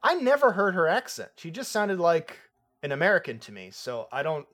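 A young man co-hosting a casual movie review podcast, excitable, laughing often and swearing casually. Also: on the high side, moderate pace. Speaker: podcast co-host.

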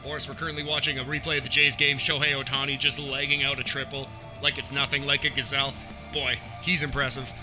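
A man's voice: medium pitch, little pitch movement, quick pace, music in the background. A man from Canada co-hosting a podcast in casual chat, upbeat and rambling, with frequent restarts. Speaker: podcast co-host.

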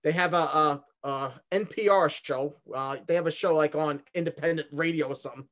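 Guy rambling about a sketch, kinda high voice, lots of uhs. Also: fairly even intonation, fairly quick, fairly bright tone. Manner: hesitant, many fillers and restarts. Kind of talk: casual chat.

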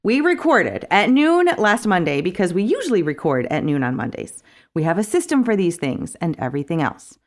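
A woman's voice: on the low side, big pitch swings, normal speed. A middle-aged woman hosting her podcast, talking in an upbeat, chatty way and laughing easily. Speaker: podcast host and organizing coach. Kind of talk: casual podcast chat.

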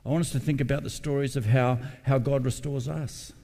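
A man preaching a sermon in a mellow, warm voice, often turning questions to the congregation. His words ring out with a long reverb across a church hall. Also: mid-range voice, steady tone, a little fast, creaky. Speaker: pastor.

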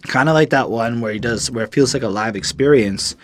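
A man's voice: medium pitch, brisk. A man casually reviewing a song on a podcast, rambling and enthusiastic, with lots of swearing. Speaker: music reviewer.

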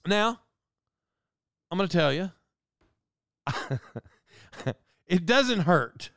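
A man's voice: very high voice, creaky, smooth, no echo, clean studio sound. A middle-aged man hosting a casual monologue, a rambling storyteller who mocks himself. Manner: rambling storyteller, animated and self-mocking. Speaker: podcast host.

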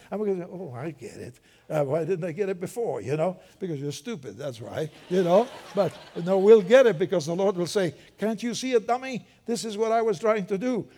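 Older male preacher with a slightly high, mellow voice, chatty and joking from the pulpit. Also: breathy edge. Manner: lively, conversational, joking asides. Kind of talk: sermon.

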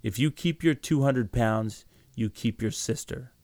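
A man's voice: mid-range voice, unhurried, darkish tone, no room sound, close to an everyday voice. Man playing a cold, iron-willed young husband. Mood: firm. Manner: firm, iron-voiced, contemptuous.

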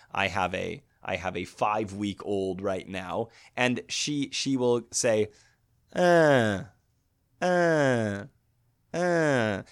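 A literature teacher in his thirties lectures on poetry in a mid-range voice. He is thoughtful and animated, thinking aloud and making small restarts as he goes.

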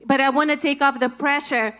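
A woman's voice: high-pitched, steady tone, fairly quick, sharp tone. A woman preaching in a casual, encouraging way, full of "like" and "right?". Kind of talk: conversational sermon.

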